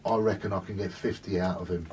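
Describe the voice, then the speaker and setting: A man, joining the interview to tell his side of the stories in a lively, anecdotal way. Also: low-pitched, quick pace, a little hiss or hum. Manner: animated anecdote-telling. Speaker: interview guest. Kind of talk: casual storytelling. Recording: voice distant from the mic.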